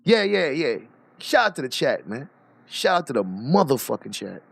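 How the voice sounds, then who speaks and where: A man hosting a live stream, reacting to clips with animated, mocking, profane commentary. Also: medium pitch, normal speed, creaky, breathy edge, dry recording, studio quality.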